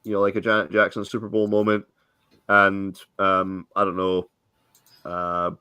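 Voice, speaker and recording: Low-voiced man rambling on a stream. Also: monotone, bright, forceful tone, clear, resonant tone, no echo. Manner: rambling, halting with fillers. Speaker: co-host. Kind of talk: casual live-stream chat.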